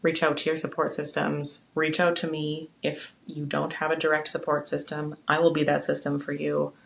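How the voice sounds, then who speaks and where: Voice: medium pitch, completely flat delivery, moderate pace, vocal fry, a bit bright, a little hiss or hum, low-quality recording. A young adult podcast host talking casually into a phone at home, giving an earnest, heartfelt pep talk.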